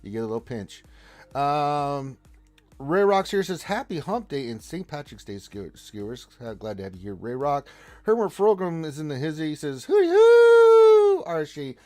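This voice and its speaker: A man hosting a gaming livestream, reading out viewer messages in a lively, jokey way, loud on greetings and quieter on asides. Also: a little high, moderate pace. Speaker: livestream host.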